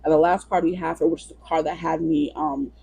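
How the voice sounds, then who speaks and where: A woman's voice: low voice, fairly even intonation, fairly quick, creaky, warm tone, husky, no echo, poor audio. A woman giving a casual pick-a-card tarot reading in a chatty, rambling way. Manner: chatty, rambling, lots of "you know". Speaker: tarot reader.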